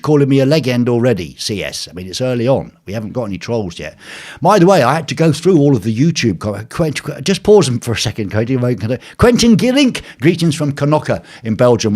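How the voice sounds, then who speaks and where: Male host, live home stream, animated up-and-down delivery, rambling jokey chat with viewers. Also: medium pitch. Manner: rambling, jokey, lots of fillers. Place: home penthouse flat.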